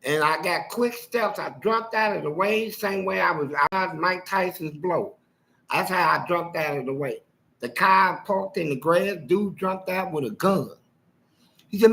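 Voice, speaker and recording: Give me a man with a bright, forceful voice, spinning a slangy personal story live and acting out every quote with animated energy. He talks casually and jumps into the voices of the people in his tale. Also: high-pitched, measured pace, gravelly, poor audio.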